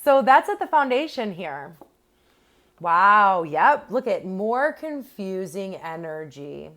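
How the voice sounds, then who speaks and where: A woman's voice: medium pitch, very animated, slow, fairly bright tone. A young woman giving a casual, rambling tarot reading straight to camera, with many fillers and restarts. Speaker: tarot reader.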